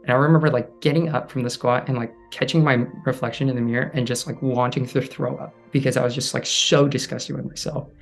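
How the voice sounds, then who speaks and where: A man with an ordinary, mid-range voice tells a personal story as an interview guest. He speaks softly and haltingly, leaning on fillers and restarting his sentences. Faint music plays quietly behind him. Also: medium pitch, fairly even intonation, gravelly. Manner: halting, soft-spoken, many fillers.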